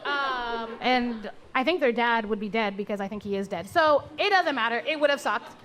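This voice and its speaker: Speaking at a moderate pace in a fairly high, fairly bright voice, this adult woman, mother of four, is an abortion doula and maternal health advocate. On a live panel at a coffee house she's candid and blunt, swearing freely and laughing through her stories.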